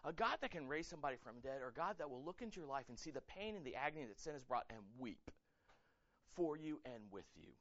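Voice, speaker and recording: Impassioned, bright-voiced male preacher. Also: fairly high pitch, animated, quick pace, dry recording, lo-fi sound. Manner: impassioned, repeats words and restarts, rising to near-shouting. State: emotionally raw. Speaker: pastor. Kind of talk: sermon.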